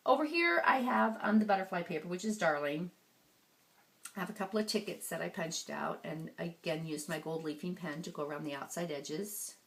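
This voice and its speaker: A woman crafter giving a casual show-and-tell of her handmade scrapbook album, chatty and relaxed, with frequent ums as she turns the pages. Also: fairly low pitch, brisk, vocal fry.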